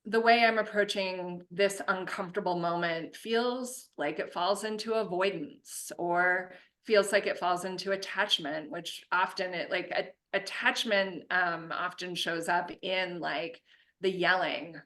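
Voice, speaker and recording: A woman who works as a conflict coach and mediator, talking through an idea in a relaxed, reflective way with lots of fillers. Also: lowish voice, measured pace. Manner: reflective, explains with many fillers and restarts. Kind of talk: casual podcast conversation.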